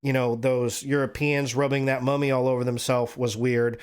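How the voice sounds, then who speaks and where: A man's voice: medium pitch, level tone, moderate pace, smooth. A man hosting a podcast who reads articles aloud, then drifts into rambling, profane asides and corrects himself as he goes. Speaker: podcast host. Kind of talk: reading articles aloud and riffing casually.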